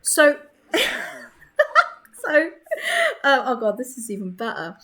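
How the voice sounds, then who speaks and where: A young woman chatting excitedly while playing a life-sim game, laughing often. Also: high voice, takes it slowly. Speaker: gaming creator. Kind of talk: casual gameplay commentary.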